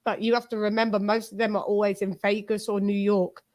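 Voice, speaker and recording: A Cockney woman from East London hosts a boxing channel in loose, rambling chat full of slang. Her voice sits at a middle pitch. The recording is close and dry, with no room sound. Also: level tone, a little fast, darkish tone, no echo. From East London, England. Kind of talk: casual chat.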